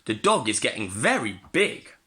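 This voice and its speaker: A man's voice: on the low side, big pitch swings, moderate pace, pushed and bright. A man doing a lazy, coaxing father pig. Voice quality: sweetly coaxing.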